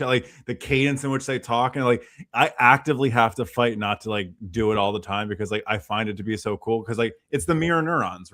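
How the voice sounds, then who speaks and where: A man's voice: mid-range voice, fairly bright tone. A man co-hosting a casual livestream, upbeat and laughing often, full of "dude" and "like.". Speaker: livestream co-host.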